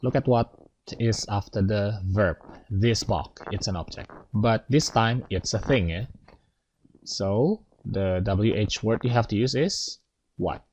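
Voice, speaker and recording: A man's voice: fairly low pitch, a little slow, darkish tone, a little hiss or hum, rough recording. A man teaching an English grammar lesson, explaining step by step and checking in with his students.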